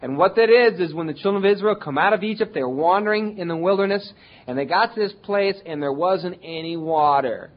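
A man's voice: sits high, a little fast, muffled recording. A man preaching a sermon to his congregation, speaking conversationally and slipping into whiny voices when quoting complaining people. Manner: conversational preaching with acted-out quotes of whining people. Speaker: pastor.

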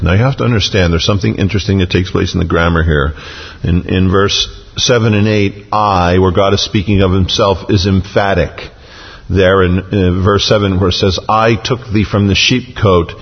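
A man with a low, husky voice preaches an expository sermon, moving between reading scripture aloud and explaining it in his own plain words. The recording is dull and lo-fi, with a long reverb tail from a large hall. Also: normal speed.

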